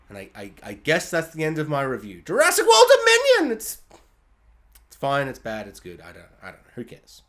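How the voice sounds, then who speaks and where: Excitable high-voiced man ranting. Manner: rambling, excitable, self-interrupting, slips into silly character voices. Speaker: film reviewer. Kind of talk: casual video review.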